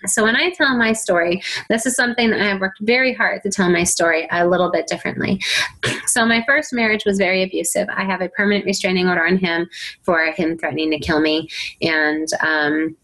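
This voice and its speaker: A woman's voice: mid-range voice, fairly bright tone, poor audio. A middle-aged woman teaching a faith-based self-help talk, acting out quoted voices as she goes. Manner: acts out quoted voices and whiny children.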